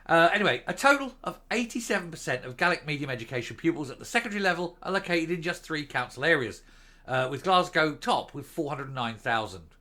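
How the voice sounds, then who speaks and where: A man's voice: a little high, lively intonation, brisk, bright, forceful tone. A man hosting an opinion vlog, ranting in a scornful, indignant way and wandering off into tangents before returning to his point. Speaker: commentary vlog host. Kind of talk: opinion rant to camera.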